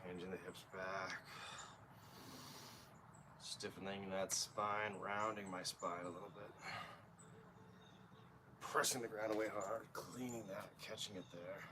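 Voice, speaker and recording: A lower-voiced man leads a kettlebell workout while doing the moves himself. His voice is quiet and half-whispered at times, picked up without a mic over clear background noise. His cues are casual and rambling. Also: fairly even intonation, a little slow, long pauses. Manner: casual, rambling coaching talk. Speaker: fitness coach. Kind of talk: live workout instruction. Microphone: no microphone, camera picks up from a distance.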